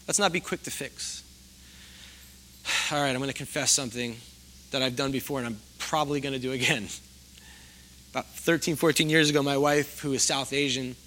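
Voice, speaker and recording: A man's voice: medium pitch, pushed and bright, a little hiss or hum. A middle-aged man preaching a sermon in a conversational, self-deprecating way, often putting questions to the congregation. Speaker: pastor.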